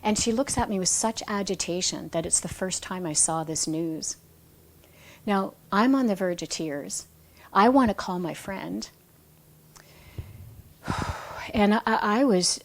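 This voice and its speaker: A woman with a slightly low voice reads from her own book in a reflective, conversational way. She drifts from the text into personal stories and often restarts her phrases mid-thought. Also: lively intonation, a little slow, pauses often. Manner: self-correcting, restarts phrases. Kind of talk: book reading with spontaneous asides.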